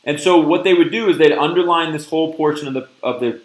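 A man's voice: fairly high pitch, fast talker, echoey room, poor audio. A man teaching a live-streamed test prep lesson, upbeat and often checking in with "okay?" and "right?". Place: virtual classroom stream.

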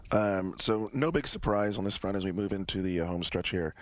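A man co-hosting a podcast, chatting excitedly about game news and moving between topics. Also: low-pitched, a little fast. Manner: excited, news-reading segues. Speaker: podcast co-host. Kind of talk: casual chat.

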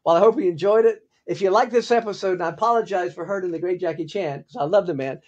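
Older male podcast host, husky storyteller who acts out the quotes. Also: fast talker, lo-fi sound. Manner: animated, acts out quotes with big pitch jumps. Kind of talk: storytelling monologue.

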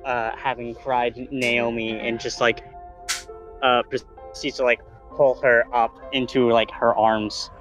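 A man's voice: mid-range voice, little pitch movement, slow pace, fairly bright tone, faint music behind, rough recording. A man playing in a tabletop game, describing his character's actions in a hesitant way, full of fillers. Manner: hesitant, filler-heavy narration. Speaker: player. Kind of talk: tabletop role-play chat.

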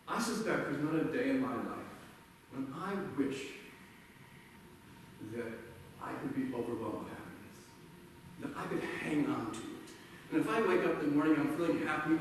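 A man's voice: on the high side, slight background noise. A man preaching a sermon as pastor, telling stories with a conversational, self-deprecating humor. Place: church sanctuary. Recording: echoey church hall from far off.

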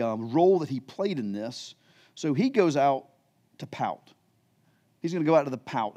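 A man's voice: mid-range voice, warm tone. A middle-aged male pastor preaching a sermon, retelling scripture in everyday words. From United States. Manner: storytelling, paraphrasing scripture in plain modern words.

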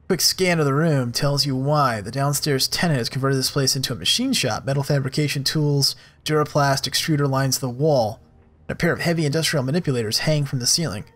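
A man hosting a let's play, reading game text aloud and thinking out loud in a relaxed, casual way. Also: mid-range voice, a little fast.

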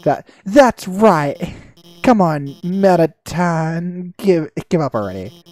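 A gamer voicing an awkward, excitable female scientist, reading her lines in a hurried rush. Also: medium pitch, faint music behind. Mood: excited.

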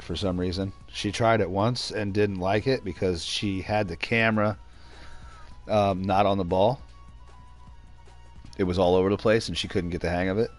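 A young man giving casual, joking commentary while streaming a game, rambling and snapping at teammates now and then. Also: low voice.

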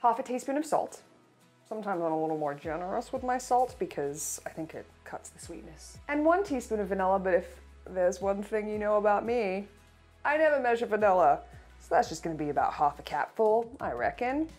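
A woman's voice: mid-range voice, expressive, fairly quick, darkish tone, soft background music. A woman, hosting a casual baking tutorial, chatty and playful with jokey asides. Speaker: host of a baking show.

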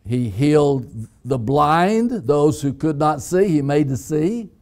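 Slow, emphatic preaching pastor, a man. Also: on the high side, expressive, darkish tone. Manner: slow, deliberate, repeats key phrases for emphasis. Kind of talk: sermon. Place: church sanctuary.

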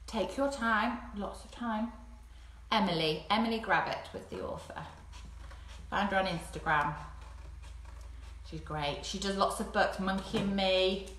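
A woman leading a live craft session for young children at home, talking gently and encouragingly. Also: medium pitch, a little slow, long pauses, slight background noise. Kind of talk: live-streamed play-along craft session. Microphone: phone camera. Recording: echoey room at home.

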